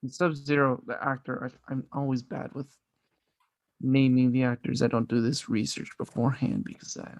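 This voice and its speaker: A man in casual podcast talk, gushing about a film with loose, rambling sentences and plenty of swearing. His voice sits at an average pitch, recorded close and dry with no room sound. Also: little pitch movement, moderate pace, vocal fry, no echo. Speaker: podcast co-host. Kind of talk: casual movie review chat.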